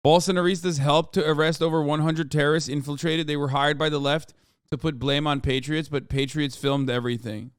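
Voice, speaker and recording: A man's voice: fairly high pitch, normal speed, smooth, no echo, studio quality. A man in his thirties doing casual live-stream commentary on news clips, sarcastic and profane, with mocking asides.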